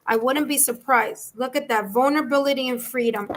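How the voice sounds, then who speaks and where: A woman's voice: high-pitched, fairly quick. A woman with a New York accent giving a chatty, reassuring live-stream tarot reading and calling on viewers by name. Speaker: tarot reader.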